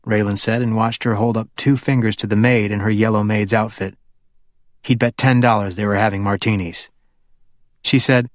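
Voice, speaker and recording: Measured male audiobook narrator, dry close sound. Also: dry recording. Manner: even, measured storytelling that drops low and quiet for a laconic lawman.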